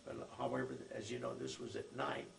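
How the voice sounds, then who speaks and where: A man's voice: medium pitch, steady tone, fairly quick, creaky, fairly bright tone. An older man telling family stories from his life in a rambling, folksy way, full of fillers. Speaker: oral history narrator. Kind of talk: recorded life-story reminiscence. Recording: echoey room with faint noise.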